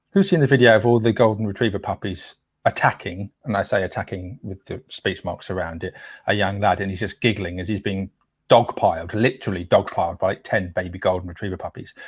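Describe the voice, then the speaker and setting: A man's voice: deep voice, fairly even intonation, a little fast, breathy edge, no echo. Guy rambling through a live stream, jokey, dry sound, stumbles on names. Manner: playful, chatty, trips over names while reading. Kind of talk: casual live stream chat.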